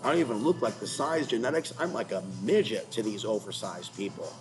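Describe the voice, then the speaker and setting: A man's voice: fairly low pitch, big pitch swings, fairly quick, over music, rough recording. A man hosting his own channel, ranting in an agitated, repetitive, confrontational way, apparently while in a car. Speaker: channel host. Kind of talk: rambling commentary rant.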